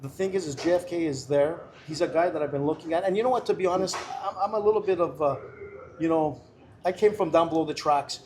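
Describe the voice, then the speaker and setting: A man's voice: on the high side, quick pace, background noise. A middle-aged man talking earnestly and emphatically as a candidate guest in a casual interview. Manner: emphatic, earnest and persuasive, many restarts.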